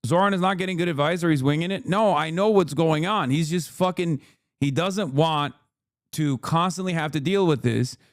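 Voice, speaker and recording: A man's voice: a little high, moderate pace, no room sound, studio quality. A male streamer ranting in casual commentary, swearing often and hammering his points with a repeated "okay?". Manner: profane, emphatic, keeps asking "okay?".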